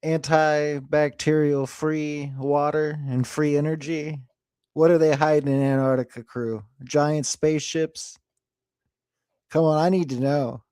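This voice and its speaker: A man's voice: fairly high pitch, flat delivery, unhurried, a little mellow, smooth, dry recording, clean studio sound. A man hosting a casual online chat show, teasing and pushing for answers. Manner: pushy, teasing, demanding answers. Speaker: host.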